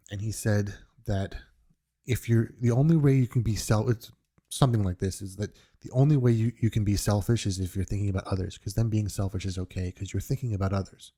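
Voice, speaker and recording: Earnest low-voiced man musing on music. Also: steady tone, fairly quick, dark tone. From New York. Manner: earnest, reflective, with frequent restarts. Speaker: podcast host. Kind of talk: unscripted podcast monologue.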